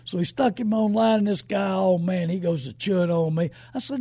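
A man hosting a call-in radio show, talking in a folksy, rambling way that builds to shouting. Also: sits high, brisk, creaky, few pauses, dry recording.

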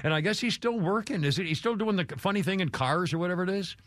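A man's voice: quick pace, fairly bright tone, no room sound. A man hosting a radio show, chatting in a meandering way and acting out quoted people with sudden jumps in his voice. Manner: meandering, acts out quotes with big pitch jumps. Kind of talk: rambling casual chat.

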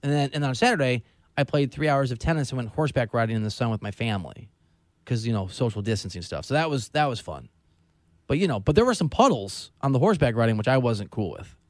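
Man, middle-aged, sports talk host, lively swooping delivery, sarcastic, dry close sound. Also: medium pitch, quick pace, no echo. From Southern California. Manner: animated, sarcastic, self-mocking. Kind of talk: casual sports talk banter.

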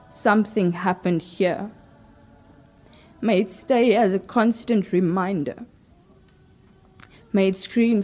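A woman's voice: medium pitch, dark tone. A South African woman performing a spoken-word poem, rhythmic and declamatory.

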